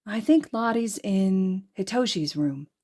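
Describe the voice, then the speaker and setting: A woman's voice: medium pitch, lively intonation, unhurried, mellow, pitched above the performer's own voice. Eager little girl, as a woman reader voices her. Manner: eager, childlike. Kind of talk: podfic reading.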